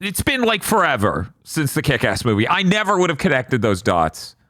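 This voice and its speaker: A man's voice: mid-range voice, moderate pace, no room sound, clean studio sound. A man co-hosting a podcast, reviewing a movie in casual, exasperated rants. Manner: animated, exasperated ranting with swearing. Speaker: podcast co-host.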